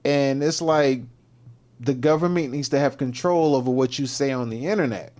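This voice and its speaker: A man's voice: mid-range voice, moderate pace, a little mellow. A man hosting a casual livestream who talks in loose slang, laughs often and repeats himself. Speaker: livestream host.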